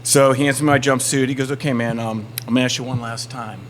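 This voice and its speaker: A man's voice: medium pitch, quick pace, noisy background. A man from the Southern United States, a band member telling a story on a podcast and acting out everyone's lines. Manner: animated storyteller acting out quotes.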